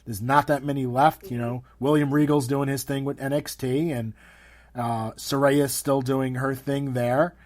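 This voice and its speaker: A man's voice: mid-range voice, steady tone, measured pace. Chatty, rambling male host. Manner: chatty, rambling, laughs often. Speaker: podcast host. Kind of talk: casual interview chat.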